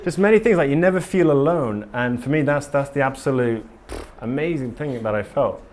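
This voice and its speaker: A man with a medium-pitched, slightly mellow voice talks fairly quickly as he gives a casual conference talk to a live audience in a conference room. He comes across as earnest and rambling, often saying "um" and restarting his sentences.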